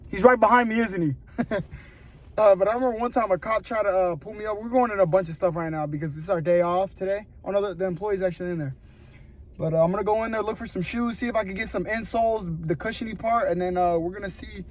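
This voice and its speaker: Filming on his phone from his car and later inside a store, this young male vlogger tells stories in a relaxed, slang-filled way. His pitch is high and he talks fast, staying lively and laughing frequently.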